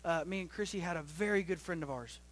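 A young man preaching a sermon to his church as pastor, swinging between loud rising bursts and low quiet stretches, often repeating and restarting phrases. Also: fast talker, a little hiss or hum.

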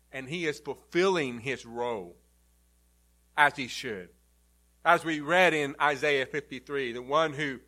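A male pastor preaching a sermon, emphatic, rising loud and then dropping to a low, quiet delivery.

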